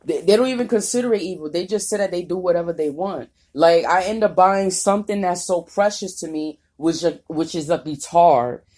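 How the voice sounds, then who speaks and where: Low-voiced woman ranting, profane and confrontational. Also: brisk, hardly any pauses, warm tone. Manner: profane, confrontational, rambling rant. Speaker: vlogger. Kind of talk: unscripted vlog monologue.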